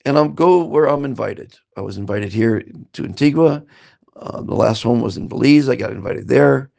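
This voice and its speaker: A man's voice: mid-range voice, creaky, darkish tone, slightly rough. An older man from Southern California telling his life story in a meandering, self-promoting monologue with wry asides. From Southern California, United States. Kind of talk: rambling personal monologue. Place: currently in Antigua.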